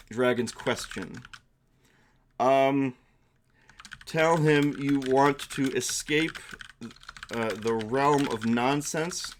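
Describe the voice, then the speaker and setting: A man's voice: medium pitch, a little hiss or hum. Laid-back man running a chat-driven tabletop game. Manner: casual, thinking aloud while drawing. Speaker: game master and streamer.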